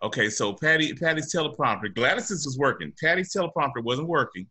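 A man co-hosting a podcast in casual chat, telling stories in an animated way and laughing often. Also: medium pitch, brisk, slightly rough. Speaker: podcast co-host.

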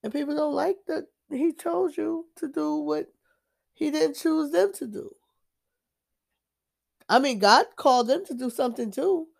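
A woman's voice: high-pitched, measured pace, creaky, long pauses. A woman sharing her own faith testimony in a casual, preachy way, emphatic and repeating herself with frequent restarts. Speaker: Christian vlogger sharing testimony.

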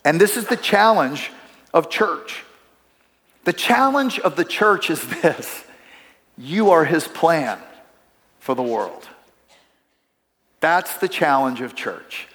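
A man's voice: fairly high pitch, big pitch swings, slow pace, long pauses, fairly bright tone. A middle-aged man, a pastor, preaching a sermon in a church, talking in a conversational way and telling stories with asides to the congregation. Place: church sanctuary. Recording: long hall reverb.

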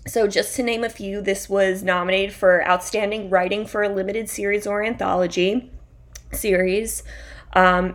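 A chatty woman from near Philadelphia trades casual talk as a podcast co-host. She often laughs mid-sentence and reads long lists in an easy, conversational way. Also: medium pitch. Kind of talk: casual chat.

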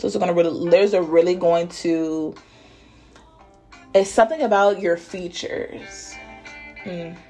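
A woman giving a casual spiritual reading, playful and laughing, dropping to whispers and jumping to loud bursts. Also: fairly low pitch. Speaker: spiritual reader channeling messages. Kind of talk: casual intuitive reading monologue.

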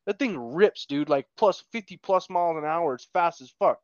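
A man's voice: on the high side, lively intonation, normal speed, hardly any pauses, dry recording. Rambling, sweary man with a dull lo-fi sound. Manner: rambling storyteller, profane. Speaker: podcast co-host. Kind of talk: casual podcast chat.

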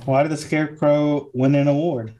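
A speaker trades corny jokes in a casual back-and-forth at a middle pitch. The punchlines land flat and matter-of-fact, with no build-up. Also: normal speed, dull audio. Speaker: joke teller in a try-not-to-laugh game. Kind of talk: casual joke swapping.

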